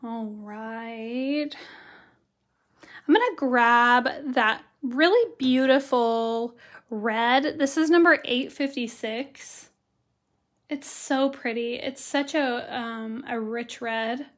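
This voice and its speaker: A hoarse woman leads a relaxed live watercolor tutorial, her voice high and her pace unhurried. She chats along and greets viewers by name as she works. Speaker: watercolor instructor. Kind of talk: live-stream craft tutorial.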